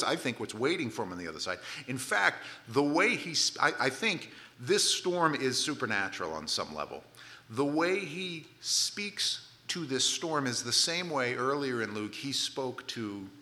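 A man delivering a sermon with a very bright, sharp, forceful voice. He preaches conversationally, stumbling into restarts and repeated words. At his high points he turns loud and emphatic. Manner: grows loud and emphatic at climaxes. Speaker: pastor.

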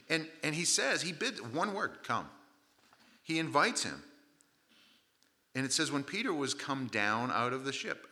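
Bright-voiced joking male preacher. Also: mid-range voice. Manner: conversational and humorous, acting out voices, frequent restarts. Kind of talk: sermon.

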